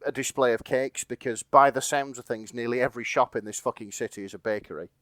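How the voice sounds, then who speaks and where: A man's voice: mid-range voice, fast talker, a bit bright, no echo, studio quality. A man co-hosting a podcast, chatting casually and laughing as he retells a fan fiction, swearing freely. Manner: laughing, swearing, rambling with fillers. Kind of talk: casual chat.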